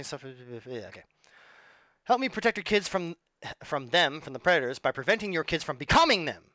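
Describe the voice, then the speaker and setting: A man with a fairly high voice talks in a rambling, casual monologue, sarcastic and prone to breaking off mid-thought. The sound is dry and close to the mic, with no room around it. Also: pushed and bright, no echo. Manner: rambling, sarcastic, self-interrupting. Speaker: musician and vlogger.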